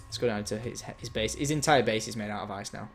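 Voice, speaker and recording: Quick-paced and fairly low, with vocal fry, this young gaming host chats casually and teases while he plays, sometimes getting frustrated. A little hiss or hum sits under the audio.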